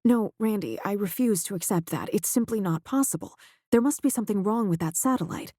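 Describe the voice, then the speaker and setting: A man's voice: high-pitched, expressive, a little fast, dark tone, no echo, studio quality, voice pushed up. A male narrator voicing a distressed woman physicist stranded in orbit, asking urgent, disbelieving questions. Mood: alarmed.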